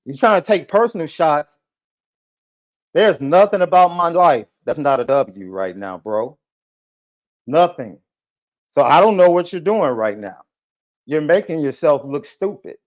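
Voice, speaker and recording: A man hosting a live podcast, ranting heatedly and repeating his taunts at a critic. His voice sits a little high. The audio is muffled and lo-fi, like a compressed stream. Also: animated, a little slow, pauses often. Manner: combative, taunting, repetitive. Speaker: podcast host.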